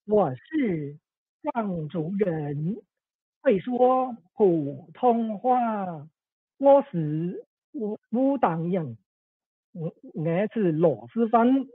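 A man voicing a ten-year-old village girl, reciting short sentences slowly and carefully over tinny, phone-like call audio. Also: high voice, very animated, husky, dry recording, voice pushed up, heavily acted.

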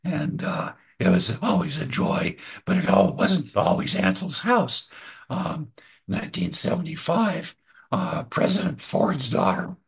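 An older man recounts his photography days over a slideshow in a husky, gravelly voice. His pitch moves a lot, slightly higher than most men's, and he talks in a loose, anecdotal way. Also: a little slow. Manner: relaxed anecdotal, frequent uh and restarts. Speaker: photographer telling stories. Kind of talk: casual storytelling over slides.

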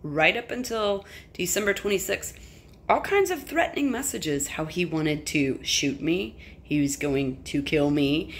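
A woman's voice: low-pitched, fairly bright tone, slight background noise. A middle-aged woman telling a personal story in a candid, emphatic way, swearing freely. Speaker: vlogger. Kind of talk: casual storytelling to camera.

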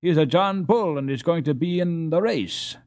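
A man's voice: fairly high pitch, normal speed, darkish tone, voice pushed up, lightly acted. A man voicing a plump, out-of-breath boy introducing his cousin in an audiobook. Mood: proud.

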